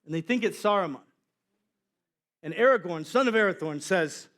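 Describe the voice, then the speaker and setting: A man's voice: sits high, expressive, normal speed, long pauses, fairly bright tone. A man preaching a sermon as pastor, in an emphatic, repetitive, exhorting way.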